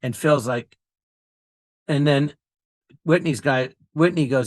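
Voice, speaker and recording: A man's voice: medium pitch, animated, unhurried, long pauses, dry recording. A man co-hosting a podcast, animatedly telling a comic story and acting out other people's lines. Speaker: podcast co-host. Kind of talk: casual chat, comic storytelling.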